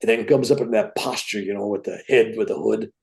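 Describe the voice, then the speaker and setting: A man in his seventies, a guest telling a personal story in an animated way, often tagging his sentences with "right?". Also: on the low side, brisk, creaky. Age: 70s. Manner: animated, tag questions like "right?".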